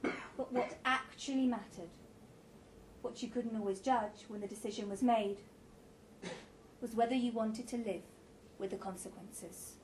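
A woman's voice: fairly high pitch, steady tone, unhurried, a little hiss or hum. A woman reading a story aloud with a dramatic, varied delivery.

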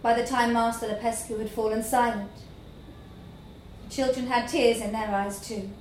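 A woman reading a literary story aloud in a slow, measured storytelling manner. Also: fairly high pitch, level tone, darkish tone, a little hiss or hum. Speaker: narrator. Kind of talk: scripted narration of a literary story. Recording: echoey room with faint ambience.

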